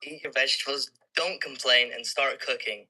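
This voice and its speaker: A man on a livestream as a guest, reading questions and answers aloud in a plain, slightly halting way. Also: medium pitch, pushed and bright, rough recording.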